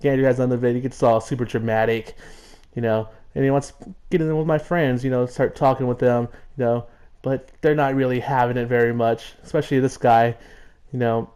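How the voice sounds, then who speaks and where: Guy chatting over a game, mellow voice, rambly and laid back. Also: mid-range voice, steady tone, a little fast, smooth. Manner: rambling, chuckling, filler-heavy. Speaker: gameplay narrator. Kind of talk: casual let's-play commentary.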